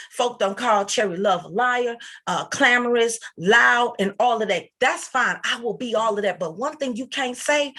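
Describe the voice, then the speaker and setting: A woman's voice: a little high, a bit bright, breathy edge. Upset woman stammering on a livestream. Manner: agitated, halting, many restarts and stammers. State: upset, near tears. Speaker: livestream host. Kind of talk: upset livestream address to viewers.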